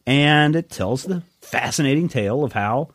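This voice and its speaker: Podcast host guy, super lively up and down voice, dry close sound, rambles about comics. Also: medium pitch, moderate pace, slightly rough, no echo. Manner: enthusiastic, rambling with fillers. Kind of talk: casual podcast chat.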